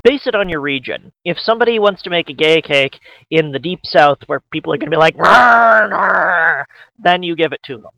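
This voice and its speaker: Rambling joking man, slightly high. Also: fast, a bit bright, no echo, poor audio. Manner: rambling and joking, with restarts and mock quotes. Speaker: podcast co-host. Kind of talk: casual comedic podcast chat.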